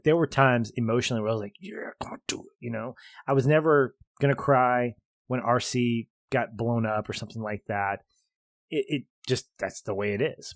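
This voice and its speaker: A man's voice: medium pitch, no room sound, clean studio sound. A man in his thirties co-hosting a film podcast, chatting casually and animatedly with frequent laughter. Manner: animated, laughs often, rambling. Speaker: podcast co-host. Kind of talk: casual film review chat.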